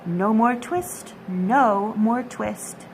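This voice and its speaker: A woman's voice: on the high side, very slow, a little hiss or hum, low-quality recording. A woman voicing a chorus of cheeky little mice who sing and chant rhymes in a storybook. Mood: taunting. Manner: sing-song, gleeful.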